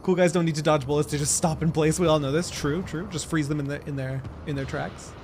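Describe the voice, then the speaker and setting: A young man streaming a game, reacting loudly, swearing and joking with chat. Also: a little high, quick pace, noisy background. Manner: animated, swearing, loud reactions. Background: music.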